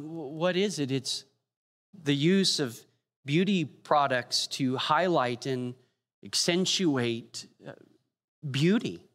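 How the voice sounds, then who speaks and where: Animated preacher in a reverberant hall. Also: male voice, fairly high pitch. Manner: animated storytelling with quick asides and humor. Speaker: pastor. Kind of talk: sermon.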